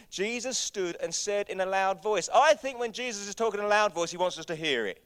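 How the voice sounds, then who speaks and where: Impassioned preacher with high voice. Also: male voice, lively intonation, fairly quick, few pauses, fairly bright tone, smooth. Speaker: pastor. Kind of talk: sermon.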